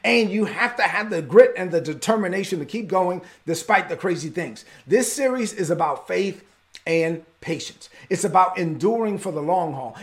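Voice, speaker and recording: Male pastor, high gravelly voice, emphatic and conversational sermon delivery.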